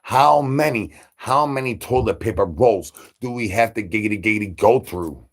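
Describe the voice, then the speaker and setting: A man's voice: fairly low pitch, moderate pace. A man delivering absurd comedy, rambling through nonsense with rhyming wordplay and stutters. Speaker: comedy channel creator.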